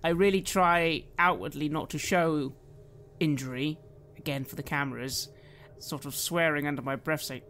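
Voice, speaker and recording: A woman's voice: low-pitched, fairly even intonation, normal speed, fairly bright tone, soft background music. A woman playing a tabletop role-playing game, mixing in-character lines with narrated actions. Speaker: player.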